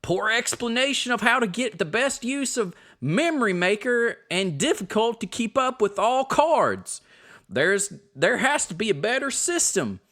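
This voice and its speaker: An indignant Southern tourist, high-pitched and full of grievance, as a man puts on the voice for a laugh. The put-on Southern accent lands hard and the voice swings wildly up and down with outrage. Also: big pitch swings, a bit bright, exaggerated voice. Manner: high, indignant, drawn-out complaining. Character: shrill angry Southern theme park tourist. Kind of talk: reading reviews in a comic voice.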